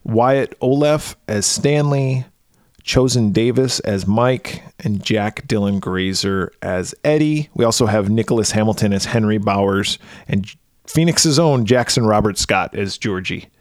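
A man's voice: on the low side, a little slow, no room sound, studio quality. A man co-hosting a podcast, casually reading off film trivia and laughing often. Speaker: podcast co-host. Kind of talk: casual movie chat.

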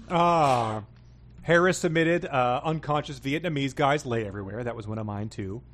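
A male podcast host with a middle-pitched, ordinary voice works through listener emails in a loose, casual way. His delivery is wry and amused, full of small fillers and restarts. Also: a little slow, fairly bright tone.

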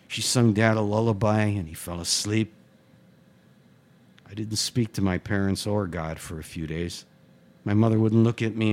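A man, a writer, reading his own first-person short story aloud in a steady, matter-of-fact way. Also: fairly low pitch.

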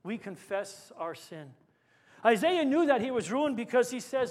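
A man, a pastor, preaching a sermon with swings between forceful lines and hushed, quiet emphasis. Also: very high voice, very animated, measured pace. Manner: dynamic preaching, dropping to hushed tones for emphasis.

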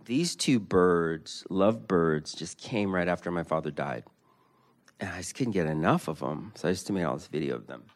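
A man, a poet, reading his prose aloud and then chatting casually about his art, animated and given to quick mimicry. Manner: animated, jumps into high-pitched mimicry of others. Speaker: poet and guest.

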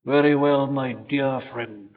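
A man preaching a sermon, swinging from loud, urgent exhortation to hushed, drawn-out scripture quotations. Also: medium pitch, steady tone. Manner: old-fashioned scripture quotations. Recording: dull old hall recording with long reverb.

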